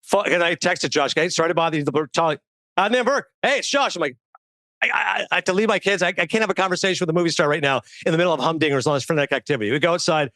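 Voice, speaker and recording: A man in casual podcast conversation, telling an animated anecdote as a guest author. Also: a little high, rapid-fire, dry recording. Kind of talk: casual storytelling.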